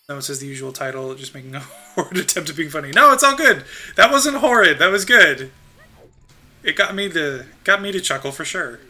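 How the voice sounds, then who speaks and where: A man's voice: high-pitched, sharp tone. A man streaming a video game, chatting casually and answering chat in a rambling way with frequent ums.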